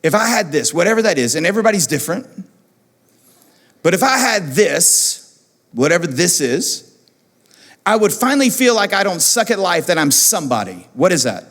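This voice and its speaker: High-voiced guy preaching, super animated, hall reverb. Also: moderate pace, pauses often. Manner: animated, repeats phrases for emphasis. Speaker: pastor. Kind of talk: sermon. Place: church auditorium. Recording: long church hall reverb.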